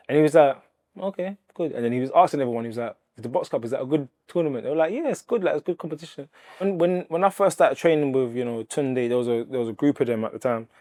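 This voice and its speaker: A man, a boxer telling stories of his career in a relaxed, chatty way. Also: mid-range voice, quick pace. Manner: relaxed, chatty storytelling with slang and laughs. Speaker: professional boxer. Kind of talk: interview and gym banter.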